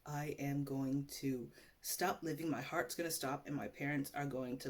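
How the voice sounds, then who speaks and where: A woman's voice: very deep voice, steady tone, normal speed. A young woman hosting a podcast, telling a story in a rambling, profane and self-mocking way. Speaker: podcast host. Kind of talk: casual storytelling monologue.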